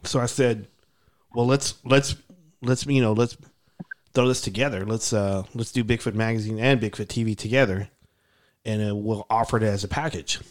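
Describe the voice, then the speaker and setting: A man's voice: fairly low pitch, steady tone, moderate pace. A man telling stories in a casual podcast chat, rambling, with many restarts and fillers.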